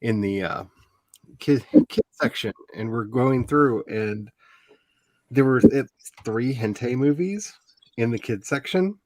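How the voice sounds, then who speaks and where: A man in his forties hosting a casual chat, telling animated stories, laughing often and acting out quotes. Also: mid-range voice, slow pace, no room sound. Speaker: host.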